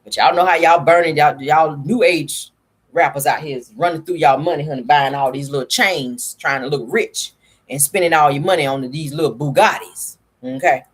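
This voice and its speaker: A woman's voice: deep voice, normal speed, breathy edge. A woman vlogger giving casual gossip commentary in a sassy, chatty way, calling her viewers honey.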